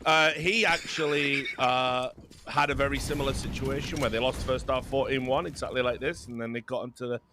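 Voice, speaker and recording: A man's voice: mid-range voice, fairly even intonation, fairly quick, background noise. An English man casting esports, chatty and jokey, telling stories between rounds. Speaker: esports caster. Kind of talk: casual commentary banter.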